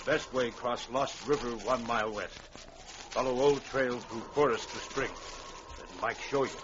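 A man's voice: mid-range voice, moderate pace, lightly acted. A terse wilderness guide, played by a man, speaks in short, clipped, broken phrases. His voice sits in a middle register. The 1940s radio recording sounds muffled and hissy. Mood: gruff. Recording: dull old radio recording with hiss.

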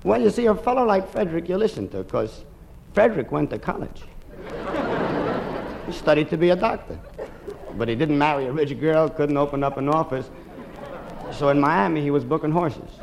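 A man performing a stand-up comedy monologue, telling a long story briskly with deadpan asides. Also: a little high, creaky, crowd noise, noisy background.

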